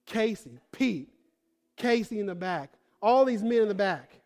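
A young man with a fairly high voice preaches in a church, talking the way he would with friends, full of "like" and "bro". He swings between hushed, intimate storytelling and loud, fired-up emphasis. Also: expressive, a little slow. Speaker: pastor. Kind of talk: sermon.

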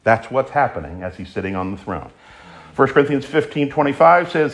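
Male preacher, sermon, emphatic, lively swooping pitch. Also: a little fast. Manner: animated, emphatic, rises to exclamations.

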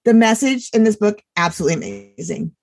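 A middle-aged woman co-hosting a casual chat, her voice gravelly with a husky, breathy edge. She gushes and grows emotional, often trailing off mid-thought and starting over. She has the manner of a former teacher and parent. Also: mid-range voice, very animated, quick pace, darkish tone. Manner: gushing, emotional, trails off and restarts. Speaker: podcast co-host reviewing children's books.

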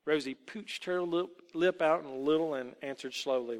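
A man reads a children's story aloud, paced to a slide show, in a steady storybook manner. His voice sits somewhat high and echoes through a long hall reverb. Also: moderate pace, hardly any pauses.

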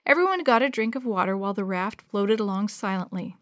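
A woman reading a children's adventure story aloud, lively, changing her voice for each child and dropping to a hush for the whispered parts. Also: mid-range voice, fast, dry recording, clean studio sound. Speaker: storybook narrator.

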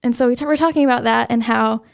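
A young adult woman sharing a personal faith testimony as an interview guest, earnest and halting with many fillers. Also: on the high side, gravelly.

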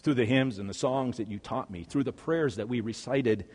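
A man preaching an earnest first-person monologue, swinging between hushed and loud passages. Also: medium pitch, normal speed, in a large hall.

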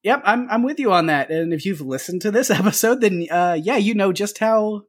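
A man co-hosting a movie podcast, relaxed, with frequent laughs and hesitant fillers. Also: high voice, moderate pace. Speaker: podcast co-host. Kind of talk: casual chat.

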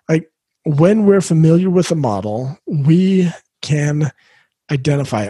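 Earnest middle-aged podcast coach, husky. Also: male voice, on the high side, expressive, normal speed, warm tone, no room sound. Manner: earnest, reflective, coaching the listener. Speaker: parenting coach podcast host. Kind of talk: solo podcast talk.

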